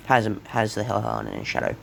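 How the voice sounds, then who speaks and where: Rambling young man with a gravelly voice. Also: on the low side, darkish tone, slight background noise. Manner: rambling, full of fillers and self-corrections. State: coughing and clearing throat. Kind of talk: casual fan story retelling.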